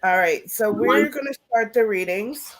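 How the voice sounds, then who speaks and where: A woman's voice: on the high side, expressive, a little slow. A woman co-hosting a live stream of readings, reading out viewer comments in a plain way. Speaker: co-host.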